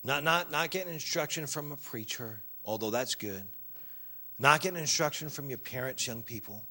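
A man preaching a sermon as pastor, swinging from loud exhortation to quiet earnest asides and acting out objections from the pews. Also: animated, normal speed. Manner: acts out congregation objections in a higher voice.

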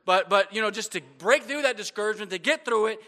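A man's voice: high-pitched, fast, pushed and bright. A man preaching a sermon as pastor, with frequent amens and repeated stumbles on words.

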